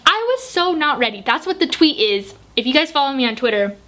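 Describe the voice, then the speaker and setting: A woman's voice: high voice, sing-song, fairly quick, fairly bright tone. A young woman talking casually as a book vlogger. She gushes emotionally and swears freely while doing her makeup. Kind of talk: casual book review chat.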